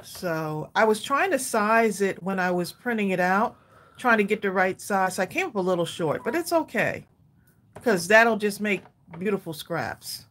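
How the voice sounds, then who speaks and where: Woman, craft livestream host, chatty, talks to viewers, husky, lively pitch. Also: normal speed. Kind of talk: live crafting tutorial chat.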